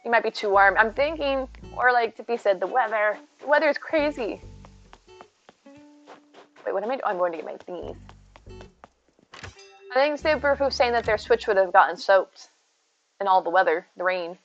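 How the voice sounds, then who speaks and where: A woman's voice: medium pitch, normal speed, pauses often, lo-fi sound, soft background music. A woman streaming from home, chatting casually and rambling to her viewers, reading and answering their messages by name. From United States. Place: home, indoors.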